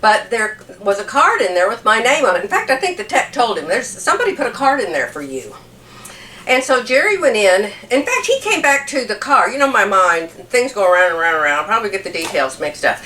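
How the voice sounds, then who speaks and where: In this casual vlog, an older American woman who has been crying shares a story with her audience, laughing as she talks. Her mid-range voice is very animated, pushed and bright, and a little fast. The recording picks up an echoey room, with her a bit far from the mic.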